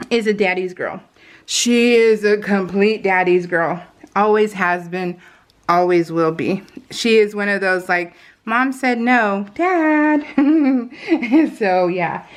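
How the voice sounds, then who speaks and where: A woman's voice: mid-range voice, a bit bright. A middle-aged woman chatting casually in a voice-over about her family, self-deprecating and laughing often. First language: English. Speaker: scrapbooking vlogger. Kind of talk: casual voice-over while crafting.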